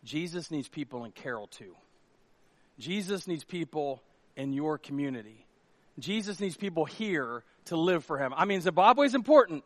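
Pastor preaching with animated jokey storytelling, fairly high voice for a man, dry close sound, middle-aged man. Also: no room sound. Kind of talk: sermon.

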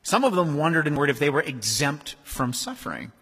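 A man preaching a sermon as pastor, in a conversational, animated way. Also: on the high side, a little fast, slightly rough. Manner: conversational, animated, acts out quoted voices. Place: church sanctuary. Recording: long hall reverb.

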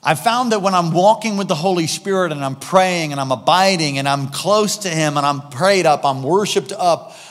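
A man preaching a sermon as pastor, animated, swinging between loud exclamations and quiet asides. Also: fairly high pitch, moderate pace, hardly any pauses, in a large hall.

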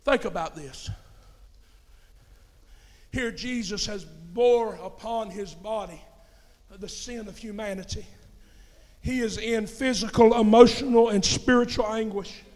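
A male preacher, delivering an impassioned sermon that swings from shouts to hushed tones. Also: high-pitched, measured pace, long pauses. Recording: reverberant hall.

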